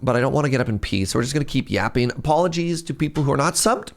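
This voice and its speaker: A man's voice: mid-range voice, expressive, rapid-fire, faint music behind. A man streaming a game, chatting casually, telling stories and laughing often between moves. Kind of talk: casual gameplay chat.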